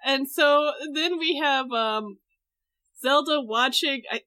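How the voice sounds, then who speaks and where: A woman's voice: sits high, slow pace, sharp tone. A woman co-hosting a casual chat, animatedly retelling a show and acting out the characters' lines. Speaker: podcast co-host recapping a show.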